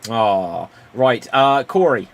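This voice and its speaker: A man's voice: medium pitch, animated, takes it slowly, a little hiss or hum. A man hosting an improv comedy game, upbeat and calling on players by name. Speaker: improv host.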